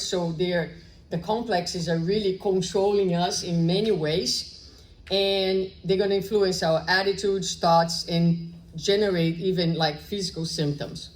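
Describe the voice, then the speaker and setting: A woman delivers a public talk on spirituality and the inner life. Her voice sits a little low, and her manner is conversational. She keeps asking the audience rhetorical questions and checking in with a quick "right?". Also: darkish tone, low-quality recording. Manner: acts out short dialogues in her story. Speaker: spiritual lecturer. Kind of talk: public lecture on spiritual psychology.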